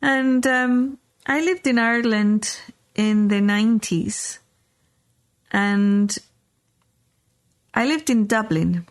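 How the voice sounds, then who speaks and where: A woman's voice: on the high side, slow, long pauses. A middle-aged woman hosting a podcast, telling a personal story in a loose, rambling way with lots of fillers and restarts. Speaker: podcast host. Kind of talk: casual storytelling chat.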